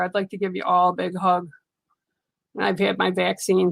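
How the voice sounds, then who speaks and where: A woman's voice: fairly low pitch, completely flat delivery, normal speed, vocal fry, muffled recording. An older woman hosting a casual livestream, chatting with viewers and reading cards in a chatty, reassuring way. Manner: chatty, reassuring, talks back to viewer comments. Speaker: livestream reader.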